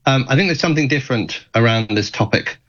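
A man speaking as a guest on a radio talk show, in a measured way with frequent fillers. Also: medium pitch, expressive, a bit bright, dull audio.

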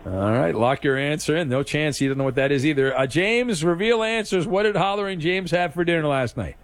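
A man's voice: on the high side, a little fast. A man hosting a sports talk radio show, teasing his callers and running playful games.

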